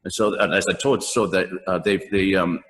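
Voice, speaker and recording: A man's voice: sits low, fairly even intonation, moderate pace, fairly bright tone. An older man, a voice actor guest, telling rambling stories in a casual interview, laughing often and acting out lines. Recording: long reverb on the voice.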